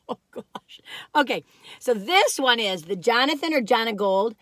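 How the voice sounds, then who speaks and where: A woman in her sixties, chatting casually as she reviews food on camera, rambling and self-deprecating, with a slightly squeaky voice that has mellowed over the years. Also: expressive, measured pace, fairly bright tone, no echo. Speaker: vlogger.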